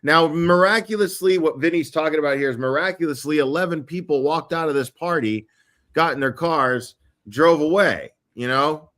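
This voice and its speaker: A man's voice: a little high, normal speed, a bit bright. A male host on a casual livestream, explaining a timeline step by step with frequent ums and uhs.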